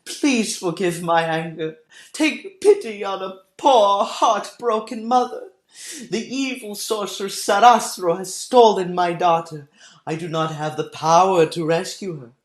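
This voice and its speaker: A man's voice: high voice, measured pace, voice pushed up. A man reading a storybook aloud, voicing a proud and imperious queen of the night who snaps in anger and pleads in sorrow. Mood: pleading. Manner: snaps angrily, then pleads sadly. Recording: roomy room, faint background music.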